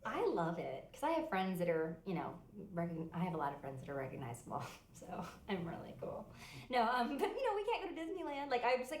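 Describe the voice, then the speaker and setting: A woman's voice: medium pitch, sing-song, fast, echoey room. A woman chatting in a bubbly way in an interview, acting out quoted talk.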